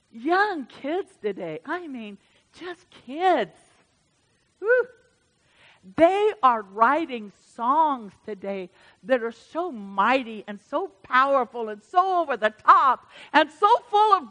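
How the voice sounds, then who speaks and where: A woman preaching a sermon in church. She swings from hushed asides to loud, emphatic bursts. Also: high-pitched, big pitch swings, slow. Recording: reverberant church hall.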